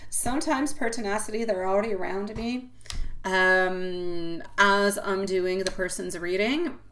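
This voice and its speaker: A woman's voice: mid-range voice, steady tone, a little slow, a bit bright, slight background noise. A woman reading tarot on a live stream, chatting with viewers and calling them sweetie and my love, rambling and repeating herself. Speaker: tarot reader.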